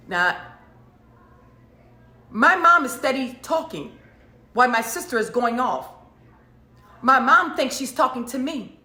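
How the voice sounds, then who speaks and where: Woman preacher telling a story, emphatic, repeats herself, kinda high bright voice, echoey room. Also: takes it slowly, long pauses. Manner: animated, emphatic, repeats phrases. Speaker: prophetess and preacher. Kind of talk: casual storytelling monologue.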